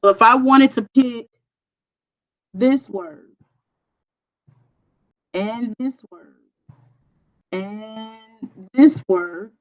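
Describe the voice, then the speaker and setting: A woman's voice: fairly high pitch, dull audio. Woman teacher with a projecting voice. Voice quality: voice projects strongly. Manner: deliberate, repeats "okay?" to check understanding. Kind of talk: recorded online lesson with screen share.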